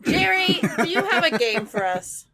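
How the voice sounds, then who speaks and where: A woman's voice: extremely high pitch, sing-song, moderate pace, pushed and bright. A woman co-hosting a podcast in casual chat, teasing her friends and laughing often. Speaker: podcast co-host.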